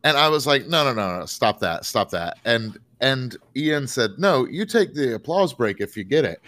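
Lively man telling a story while high. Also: moderate pace. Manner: animated storyteller acting out quoted dialogue. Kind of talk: casual podcast chat.

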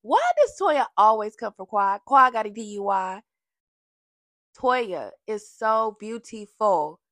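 A woman giving a casual, sassy recap of a reality TV show, animated and full of slang, jumping between topics. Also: medium pitch, slow, no echo.

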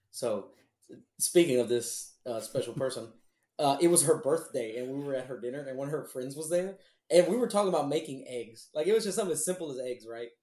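Casual guy, cursing freely, lively and laughing, roomy sound. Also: medium pitch. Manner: animated, profane, laughs often. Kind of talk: casual crude chat.

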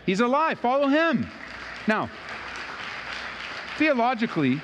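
Brief: male pastor, lively pitch, sermon delivery, big echoing church hall. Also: fairly quick, highs cut off, crowd noise, noisy background. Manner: animated, acts out voices of Bible figures. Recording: long reverb of a large hall.

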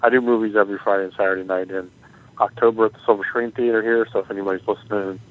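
A low-voiced man from Florida calls in over a thin, tinny phone line. He chats his way through a list of upcoming events, filling the gaps with ums. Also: fairly even intonation, very fast. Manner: chatty, listing events with many fillers. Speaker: voicemail caller. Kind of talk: casual voicemail plug.

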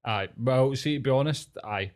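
A man's voice: mid-range voice, a little mellow. A Scottish man hosting a podcast, chatting casually with plenty of swearing and laughter. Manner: laid-back, sweary, quick to laugh. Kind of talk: casual chat.

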